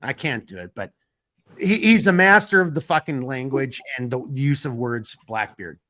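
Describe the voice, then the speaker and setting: A man's voice: medium pitch, expressive, moderate pace, bright, forceful tone. Rambling, swearing podcast host, man. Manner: rambling, swearing, restarts often. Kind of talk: casual late-night chat.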